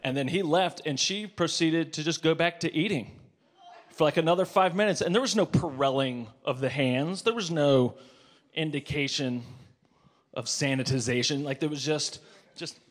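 A man in his forties performing a stand-up comedy set. He tells a story, swinging from muttered asides to loud, exasperated rants. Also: fairly high pitch, moderate pace. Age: 40s.

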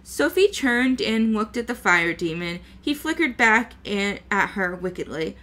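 A woman reading a novel aloud chapter by chapter, going slowly and carefully, stumbling now and then and correcting herself. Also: medium pitch, expressive, fairly bright tone. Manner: slow, careful reading with small slips and self-corrections. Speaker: VTuber book reader.

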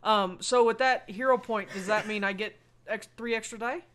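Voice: mid-range voice, steady tone, moderate pace, fairly bright tone, a little hiss or hum. A player in a tabletop game, talking casually and stumbling over words.

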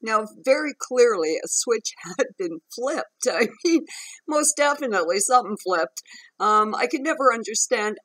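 A woman's voice: a little high, animated, moderate pace, fairly bright tone, low-quality recording. A woman vlogger telling her own story of an abusive relationship, frank, emphatic and profane. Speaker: vlogger on narcissistic abuse. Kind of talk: candid personal storytelling to camera.

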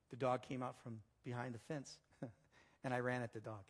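A male pastor preaching a sermon in a church, telling stories in an animated way that swings between loud and soft. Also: medium pitch, moderate pace.

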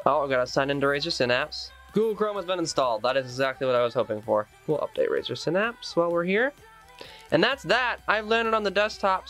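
A man's voice: on the high side, fairly bright tone. A young man chatting casually as he unboxes and sets up a laptop, thinking aloud with plenty of fillers. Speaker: tech vlogger.

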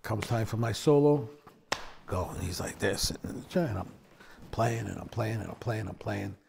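Gravelly man telling a lively story. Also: normal speed, slight background noise. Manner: animated storyteller, acts out quotes with big pitch swings. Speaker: bassist. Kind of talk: storytelling in a sit-down conversation.

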